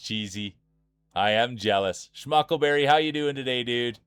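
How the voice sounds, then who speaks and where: A man's voice: medium pitch, moderate pace, fairly bright tone, smooth, no echo, studio quality, soft background music. A man from Saskatchewan with a thick Saskatchewan Canadian accent, giving playful, hype-man commentary on a live-streamed marble race.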